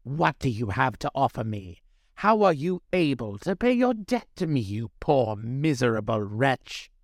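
A man's voice: medium pitch, big pitch swings, measured pace, dry recording, studio quality. A man voicing a cruel old female sea witch, scornful and menacing in her speech. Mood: demanding.

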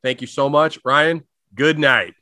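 A man's voice: fairly high pitch, measured pace, sharp tone, no room sound. A man co-hosting a comedy podcast, joking and rambling in casual chat. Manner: joking, rambling, mock-preachy. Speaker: podcast co-host.

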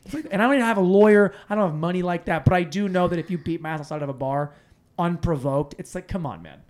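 A man's voice: high voice, fast, a little mellow. A man hosting a podcast, telling a boozy night-out story in casual, profane chat, acting out quotes. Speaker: podcast host.

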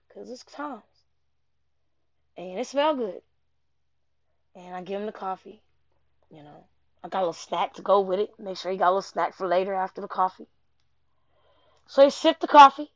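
A young woman telling a rambling, profane personal story in an animated way. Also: medium pitch, dry recording. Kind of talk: casual personal anecdote. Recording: dull lo-fi dry recording.

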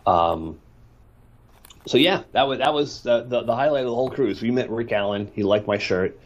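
This middle-aged podcast co-host is stuffed up with allergies and a bit worn out, yet keeps chatting casually, telling meandering stories and complaining wryly. The audio is dull, and his mid-range voice moves at normal speed.

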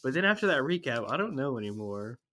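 A young man co-hosting a casual chat, chiming in with quick jokey corrections and asides. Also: mid-range voice, big pitch swings, sharp tone. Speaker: podcast co-host.

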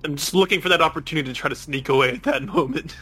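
Bright-voiced male player, chatty. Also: on the high side, slightly rough. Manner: halting, chatty, swears freely. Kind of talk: casual tabletop game chat.

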